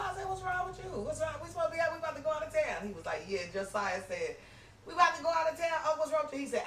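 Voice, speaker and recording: A man telling a story on a podcast, animated, laughing and acting out the quotes. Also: sits high. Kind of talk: casual storytelling. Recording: roomy, distant mic, faint noise.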